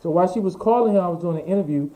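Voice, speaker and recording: A man from New York telling his life story as an interview guest, animated, swearing freely and acting out what others said. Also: sits high, rapid-fire. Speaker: interview guest, fashion designer. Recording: dull lo-fi audio.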